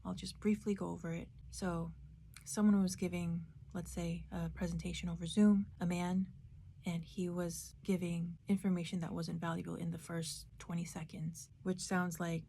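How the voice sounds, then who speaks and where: A woman's voice: fairly low pitch, level tone, normal speed, creaky, mellow, slight background noise. A woman giving a casual spoken book review, reflective and thinking aloud with tag questions.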